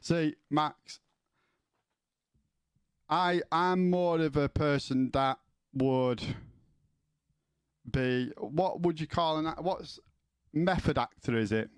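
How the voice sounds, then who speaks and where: A man's voice: on the high side, slow, long pauses, smooth, no echo, studio quality. A man streaming from home, chatting casually with his viewers, rambling and swearing, often stumbling as he starts a sentence. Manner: sweary, rambling, repeats words when starting.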